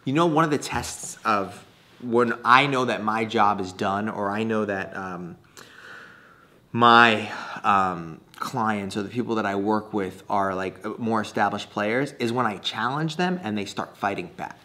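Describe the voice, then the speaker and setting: A man's voice: on the low side, measured pace, bright, forceful tone. A man speaking as a poker coach in a casual monologue, chatty and laughing often, with many restarts and fillers. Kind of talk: casual talking-head monologue.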